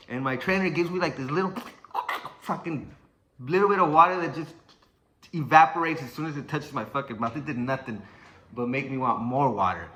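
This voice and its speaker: A man's voice: medium pitch, reverberant, slight background noise. A young man telling a story in casual speech, swearing often and acting out sounds and what people said. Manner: swearing, animated, acts out sounds and quotes.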